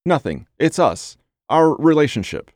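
A man's voice: a little high, sing-song, unhurried, darkish tone, no echo, studio quality, voice pushed up. A man voicing a resentful, jealous young woman, raising his voice for her bitter complaints. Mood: bitter, upset. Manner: raised bitter pleading lines.

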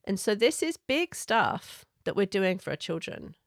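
A woman giving parenting advice in a gentle, earnest, explanatory way. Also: mid-range voice, very animated, unhurried, dry recording, clean studio sound. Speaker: parenting coach.

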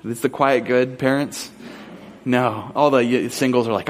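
A man from Southern California, serving as pastor, preaches with a medium-pitched, steady tone, and a little hiss or hum can be heard. Casual stories full of "like" and "um" give way to slower, earnest questions.

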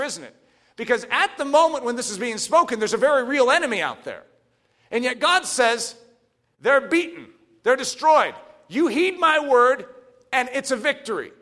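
A man preaching a sermon, animated and swinging from hushed asides to shouts. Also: high-pitched. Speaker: pastor.

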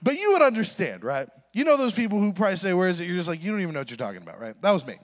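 A man's voice: high voice, sing-song, racing. A young adult man giving a sermon, telling a funny story and acting out voices in a self-deprecating way. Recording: reverberant hall recording.

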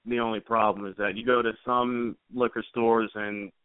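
Halting man on a dry phone line. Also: lowish voice, flat delivery, smooth, no echo. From New Jersey. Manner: halting, many fillers and restarts. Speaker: podcast guest. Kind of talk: casual chat. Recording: tinny phone-like sound, dry.

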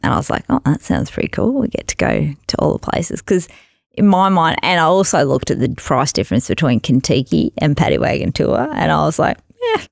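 A woman's voice: deep voice, a little fast, creaky, dry recording, clean studio sound. A young woman hosting a podcast, chatting casually and laughing through a travel story. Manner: chatty, laughs through her own stories.

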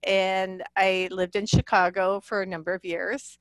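An animated, chatty woman in her forties with a northern Midwestern accent, telling stories with frequent laughter. Her voice is close and dry. Her pitch sits in a middle range. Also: measured pace, dry recording. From US Midwest, Illinois. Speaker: romance author guest. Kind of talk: casual interview chat.

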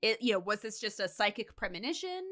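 Woman podcaster, bright tone, chatty animated storyteller. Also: mid-range voice, quick pace. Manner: animated storyteller acting out quotes, lots of "like". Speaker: podcast co-host. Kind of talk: casual comedic retelling.

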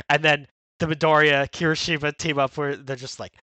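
Male co-host, upbeat and bright-toned, dry close mic, performs quotes with playful voices. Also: a little high, fairly quick, no room sound. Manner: animated, acts out lines in character voices. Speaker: podcast co-host. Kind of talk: casual chat.

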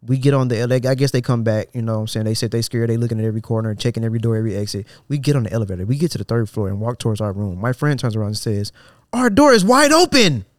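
A man's voice: on the low side, steady tone, very fast, hardly any pauses, dark tone, no echo, studio quality. Sarcastic man hosting a casual podcast. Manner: sarcastic and incredulous, breaks off reading to mock the poster; loose, slangy delivery with frequent restarts. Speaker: podcast host. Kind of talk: casual podcast commentary, reading out a social media thread.

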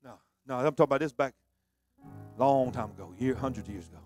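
A man preaching a sermon, swinging from low conversational talk to shouted, sung preaching. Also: fairly quick, soft background music.

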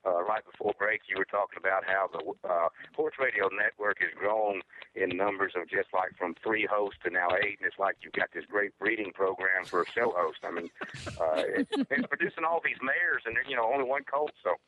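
A man's voice: low-pitched, brisk. A man co-hosting a podcast roundtable, cracking dry jokes and stumbling over his words. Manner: dry joker, stumbles and repeats. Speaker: co-host. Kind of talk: casual roundtable chat. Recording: dull lo-fi line with faint hiss.

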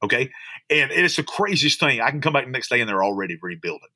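Man, pastor, bright husky tone, dry close sound, animated preaching. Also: medium pitch, fast, dry recording. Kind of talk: podcast sermon.

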